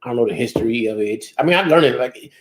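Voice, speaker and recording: A man's voice: mid-range voice, expressive, fast talker. A man hosting a casual live stream, rambling loosely and laughing at himself. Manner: self-deprecating. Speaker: host.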